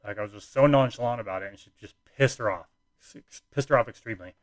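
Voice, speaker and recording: A man's voice: medium pitch, quick pace, no echo. A young man casually telling a personal story, rambling with lots of fillers and restarts.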